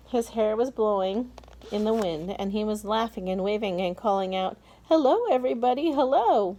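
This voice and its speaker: Warm woman reading a storybook aloud. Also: mid-range voice. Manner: steady, expressive storytelling. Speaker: reader. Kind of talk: reading a children's novel aloud.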